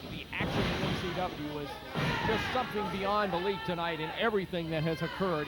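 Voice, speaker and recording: A man's voice: high-pitched, very noisy. A man commentating on a wrestling show with enthusiastic, run-on hype. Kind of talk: play-by-play commentary.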